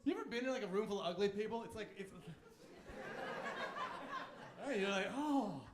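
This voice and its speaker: A man's voice: high voice, fairly quick. A man in his thirties doing a stand-up routine on a comedy club stage, cocky, provocative and crude. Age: 30s. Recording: echoey club room.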